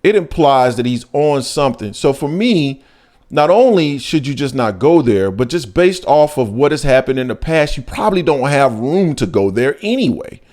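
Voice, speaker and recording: This male sports talk host has a medium-pitched, darkish, sing-song voice and talks at normal speed. He's casual but emphatic, his voice leaping up sharply to push his points.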